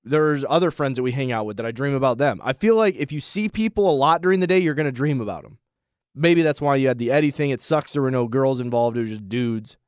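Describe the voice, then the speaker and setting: A man's voice: mid-range voice, quick pace, smooth, no echo, studio quality. A man co-hosting a talk podcast, joking and teasing his co-host in casual chat. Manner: wisecracking, teasing interjections. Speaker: radio show co-host.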